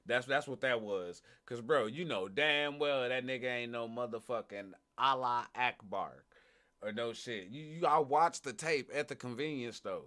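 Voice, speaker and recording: A man's voice: mid-range voice, normal speed. A man streaming live reactions to videos, talking loosely and profanely, often repeating himself. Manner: loud, profane, repeats himself, laughing asides. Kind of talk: casual live reaction commentary.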